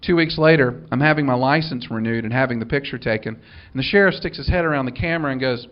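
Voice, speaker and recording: A man's voice: mid-range voice, fast, muffled recording, a little hiss or hum. A man, a minister telling a funny story to an audience in a dry, wry way, acting out the dialogue.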